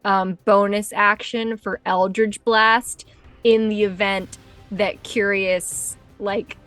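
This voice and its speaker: A woman player in a tabletop game, speaking in a deliberate, measured way. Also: medium pitch, flat delivery, fairly bright tone, soft background music. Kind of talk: casual tabletop play.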